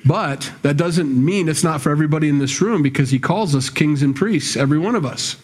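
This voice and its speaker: A man's voice: on the high side, brisk, darkish tone. A male pastor preaching a sermon in a church, talking plainly to the congregation and building to emphatic bursts. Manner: conversational preaching, rising to emphatic scolding bursts.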